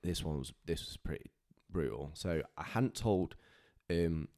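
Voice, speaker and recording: A man's voice: low voice, expressive, measured pace, mellow. A man, a podcast guest telling a personal story in an earnest, heartfelt way, often stopping and restarting his sentences.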